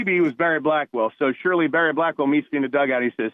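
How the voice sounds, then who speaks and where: This New Jersey man, a retired police officer who once played college ball, phones into a radio show as a guest. His voice sits on the high side and he talks fast with few pauses, telling heartfelt, rambling stories full of restarts. The phone line sounds tinny and dry, with no room sound.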